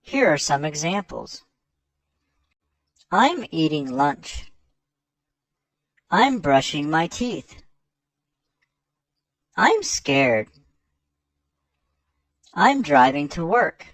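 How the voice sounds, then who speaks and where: A slow, carefully paced teaching voice that reads example sentences one by one. The intonation rises and falls in a lively way, and the sound is dry and close. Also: medium pitch, dry recording. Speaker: English teacher. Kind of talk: scripted lesson narration.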